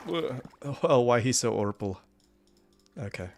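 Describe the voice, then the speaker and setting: A man's voice: mid-range voice, animated, a little slow, darkish tone. A man giving casual, wry gameplay commentary, rambling and often laughing. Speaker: gaming YouTuber.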